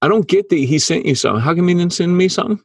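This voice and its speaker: A man's voice: high voice, animated, very fast, slightly rough, no echo. A man co-hosting a podcast, chatting casually and teasing his co-host. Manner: joking, teasing banter. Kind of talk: casual chat. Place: home under renovation, drywalling.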